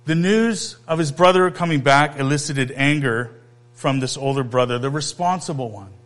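A man's voice: mid-range voice, fairly bright tone. Man preaching a conversational sermon. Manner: conversational preaching, emphatic with pauses and questions to the audience. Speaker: pastor.

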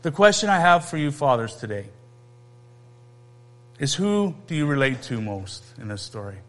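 A man's voice: medium pitch, sing-song, fairly bright tone. Man preaching a conversational sermon. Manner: conversational preaching, emphatic with pauses and questions to the audience. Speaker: pastor.

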